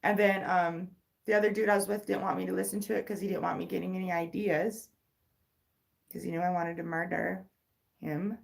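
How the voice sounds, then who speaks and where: A woman's voice: lowish voice, steady tone, brisk, creaky. A woman in her thirties telling a personal story on a casual livestream, candid and rambling, full of swearing and restarts. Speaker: livestream host.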